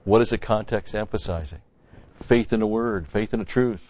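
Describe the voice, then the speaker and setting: A man's voice: lowish voice, moderate pace, darkish tone. Folksy male preacher, dull dry sound. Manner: conversational, folksy asides, repeats key phrases. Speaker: pastor. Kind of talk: sermon teaching.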